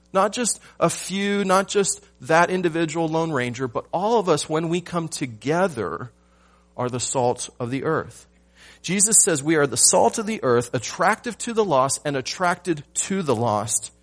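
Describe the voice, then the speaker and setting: Male pastor, measured sermon delivery, rhetorical questions, soft music underneath. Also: medium pitch. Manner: rhetorical questions, swings from loud emphasis to hushed.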